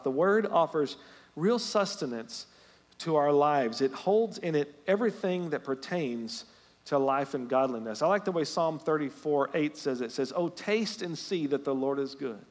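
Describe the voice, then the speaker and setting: A pastor delivers a lively sermon in a fairly high male voice. He tells stories and climbs to loud, emphatic peaks. The sound carries the long reverb of a church sanctuary. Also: normal speed. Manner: animated, rising to loud emphatic peaks, storytelling asides.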